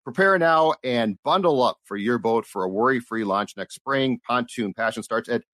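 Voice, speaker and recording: A man's voice: mid-range voice, expressive, normal speed, a bit bright, no room sound. A man hosting a radio talk show, joking dryly with his guest and reading a live ad. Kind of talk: casual radio chat and live-read ad.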